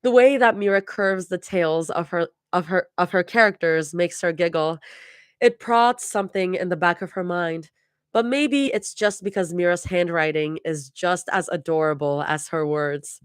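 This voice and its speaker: A woman's voice: on the low side, moderate pace, smooth, dry recording, clean studio sound. A woman reading her fan fiction aloud live, chuckling and restarting words as she goes. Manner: laughs and restarts while reading. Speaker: fanfiction reader.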